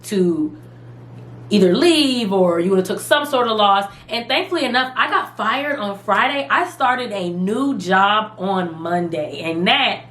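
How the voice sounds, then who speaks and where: A young woman telling a story from home in a casual, animated, dramatic way. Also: medium pitch. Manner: animated, dramatic retelling with quoted voices. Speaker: vlogger. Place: room at home. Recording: echoey room.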